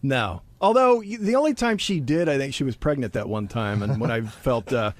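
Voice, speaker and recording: A man's voice: medium pitch, expressive, moderate pace. A man from Pennsylvania joking and laughing while talking casually at a studio microphone.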